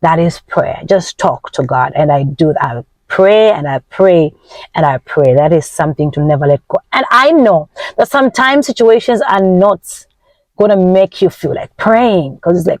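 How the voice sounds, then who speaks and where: A woman whose first language is Nyanja, talking as a self-help coach. She gives emphatic, faith-filled encouragement in a vlog, with big swings in pitch and tempo. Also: expressive, a little slow, darkish tone, no room sound. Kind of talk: motivational vlog talk.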